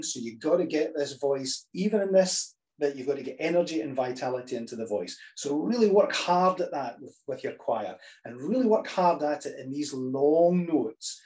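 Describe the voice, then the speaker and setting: A man teaching healthy, lively choral singing, talking through the ideas and breaking into sung examples with frequent restarts. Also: medium pitch. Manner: demonstrates phrases by singing, restarts often.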